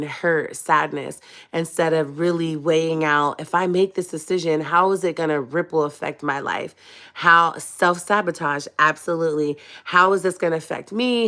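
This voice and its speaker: A woman's voice: sits low, a bit bright. A young woman telling a personal story on a livestream, emotional and confiding, speaking straight to her viewers. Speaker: vlogger on a live stream.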